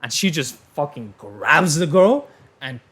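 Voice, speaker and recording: Male podcast host, casual storyteller, a touch high. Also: unhurried, breathy edge. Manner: animated storyteller, swears freely.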